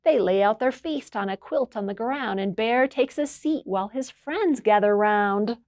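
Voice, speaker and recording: A woman reading and singing at a children's storytime as the librarian, in a slow, clear sing-song manner. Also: fairly high pitch, darkish tone, no echo.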